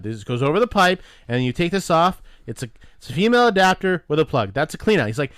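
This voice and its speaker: Lively guy ranting a story on a podcast, lots of swearing, voice jumps all over. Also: a little high, quick pace, hardly any pauses, clear, resonant tone, no echo, clean studio sound. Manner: animated, profane, acts out dialogue. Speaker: podcast co-host. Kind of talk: casual storytelling with friends.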